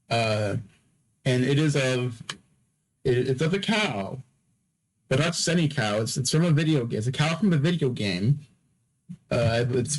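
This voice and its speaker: On poor audio, a man with a mid-range voice hosts a podcast, rambling through a loose monologue. He sounds drowsy and yawns between subjects, with stammering restarts and repeated words and phrases.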